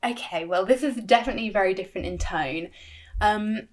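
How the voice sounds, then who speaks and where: A woman's voice: medium pitch, brisk. A woman, co-hosting a podcast in casual, chatty talk full of "like". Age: 20s. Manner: chatty, lots of fillers like "like". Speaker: podcast co-host. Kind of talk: casual chat.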